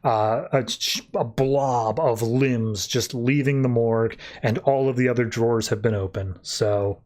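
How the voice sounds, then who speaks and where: A man's voice: medium pitch, fairly even intonation, a little slow, darkish tone. A man hosting a podcast, casually recapping and reviewing a comic book with lots of "uh" and "like". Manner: retells scenes breezily, with lots of "uh" and "like". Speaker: podcast host.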